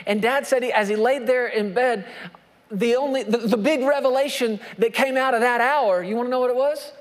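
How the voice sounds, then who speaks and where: A man's voice: very high-pitched, fairly quick. A man preaching a sermon as pastor, repeating key phrases with emphasis and reading scripture aloud. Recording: long reverb of a large hall.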